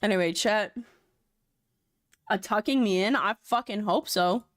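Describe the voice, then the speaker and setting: A woman's voice: medium pitch, measured pace. A young woman live-streaming, chatting loosely with her viewers, rambling and swearing casually into a desk mic.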